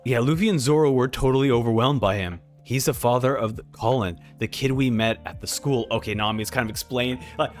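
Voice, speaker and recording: A man reading out a manga chapter in a casual reaction video, laughing often and doing quick funny voices for the lines. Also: mid-range voice, a bit bright, faint music behind.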